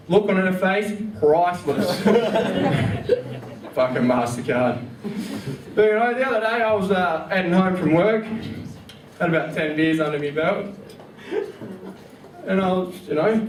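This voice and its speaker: A man's voice: high-pitched, animated, measured pace, pauses often, a little hiss or hum. A man doing a rambling, crude stand-up comedy set and laughing at his own jokes. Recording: roomy, far mic, crowd.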